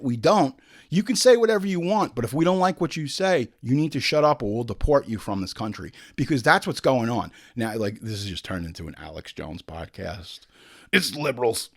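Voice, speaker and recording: A man hosting a horror podcast, ranting sarcastically and swearing as he reads out reviews. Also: mid-range voice. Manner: profane, sarcastic, heated. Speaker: podcast host.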